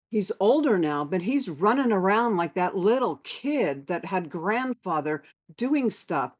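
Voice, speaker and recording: A woman telling a personal anecdote in a casual, animated way, acting out what others said. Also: medium pitch, unhurried, hardly any pauses. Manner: animated, quoting others in lively voices. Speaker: storyteller sharing memories. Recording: dull lo-fi sound.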